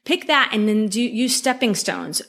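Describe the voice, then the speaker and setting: A woman's voice: on the high side, animated, normal speed, a bit bright. Upbeat woman coaching her listeners. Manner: upbeat, encouraging, addresses listener directly with frequent "okay?". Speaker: podcast host. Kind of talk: motivational coaching talk.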